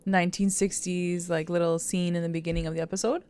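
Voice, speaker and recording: A woman's voice: fairly low pitch, level tone, quick pace, a little mellow, no room sound. A woman co-hosting a casual TV recap podcast, chatty and playful, filling her talk with "like". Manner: chatty, heavy use of "like", playful asides. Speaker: podcast co-host.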